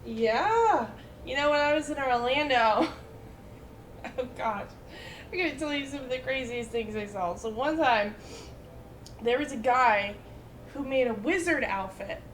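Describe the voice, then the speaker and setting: A woman in her twenties chatting casually, telling lively stories full of fillers and quoted voices. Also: high voice, unhurried, pauses often, roomy sound, a little hiss or hum. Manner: animated storytelling with many fillers and quoted voices. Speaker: storyteller in casual chat. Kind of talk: casual chat.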